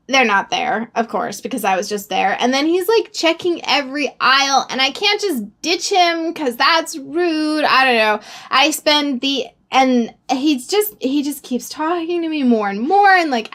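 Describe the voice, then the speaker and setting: A young woman vlogger telling a casual story, rambling and animated, with sudden exclamations. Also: sits high, measured pace. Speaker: YouTuber.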